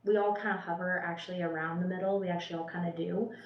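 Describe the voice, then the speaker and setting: A woman's voice: fairly low pitch, fairly even intonation, quick pace, muffled recording, a little hiss or hum. Woman guest, earnest and chatty, recorded at a distance in a reverberant room. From Spokane County, Washington, US. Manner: earnest, chatty, many fillers and restarts. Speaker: policy expert guest. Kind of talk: casual panel conversation. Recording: roomy room, mic at a distance.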